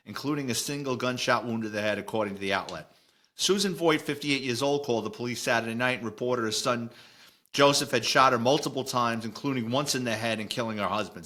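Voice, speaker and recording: Speaking with a sharp tone in the mid-range, this middle-aged New Yorker is a retired cop who hosts a podcast. He reads out news items, laughing a little as he goes, and spins blunt, chatty stories while commenting on them casually.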